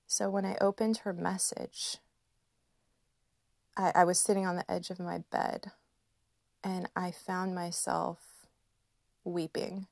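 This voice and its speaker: A woman in her thirties hosting a podcast, speaking in a slow, gentle and emotional personal reflection with soft laughs. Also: on the low side, little pitch movement, gravelly, dry recording, clean studio sound. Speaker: podcast host.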